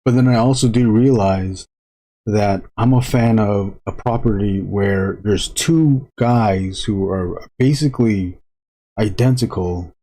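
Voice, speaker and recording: A man chatting casually to viewers while drawing on a live stream, rambling with frequent halting restarts. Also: lowish voice, dark tone.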